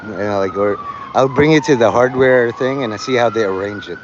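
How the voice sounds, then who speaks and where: A man livestreaming outdoors on a rainy city street, rambling and joking, acting out quick voices and laughing often. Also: medium pitch, dull audio, background noise.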